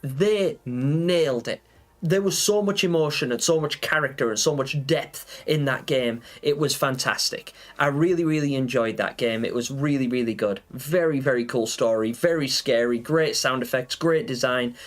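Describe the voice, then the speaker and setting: A man's voice: medium pitch, moderate pace, hardly any pauses. A man chatting casually on a gaming livestream, rambling with lots of fillers and answering viewers. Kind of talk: casual live-stream chat.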